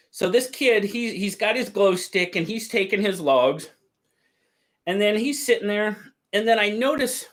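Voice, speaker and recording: A man hosting a livestream, telling stories in a casual, drawn-out way and reading out chat. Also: sits high, a bit bright. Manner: drawn-out, easygoing storytelling with quoted voices. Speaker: livestream host. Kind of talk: casual storytelling to live chat.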